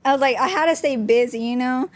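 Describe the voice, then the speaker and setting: High-voiced young woman telling her story. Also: fast. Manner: open, talks with frequent "like" fillers. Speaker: podcast guest. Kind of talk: candid personal storytelling.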